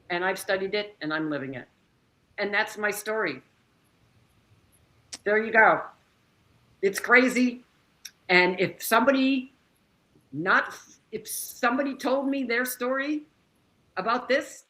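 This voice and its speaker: A woman speaking as an interview guest, telling a personal story in an animated, exclamatory way and laughing often. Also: medium pitch, low-quality recording.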